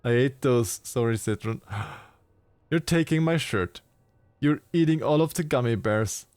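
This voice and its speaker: A man's voice: mid-range voice, measured pace, a little mellow, clean tone, no room sound. A man, playfully chatting with viewers while streaming a game. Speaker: VTuber streamer. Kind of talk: casual live gameplay chat.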